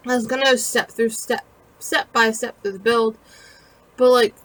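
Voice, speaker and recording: A woman with a fairly high voice gives a casual voice-over for her own building video. She rambles and talks with a chatty, self-deprecating ease, full of fillers, and sounds a little tired. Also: fairly even intonation, unhurried, no echo, poor audio. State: tired and yawning. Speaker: gaming video creator narrating her build.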